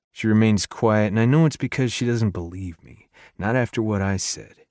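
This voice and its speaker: Low, earnest male audiobook narrator. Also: normal speed, few pauses, a little mellow, dry recording, studio quality. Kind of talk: first-person romance narration.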